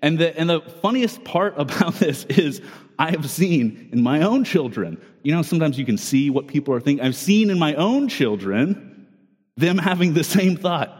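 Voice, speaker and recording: A pastor in his thirties or forties preaches earnestly and conversationally, often restarting and repeating words. His slightly high voice is very animated, darkish and a bit rough at a normal speed, with long hall reverb.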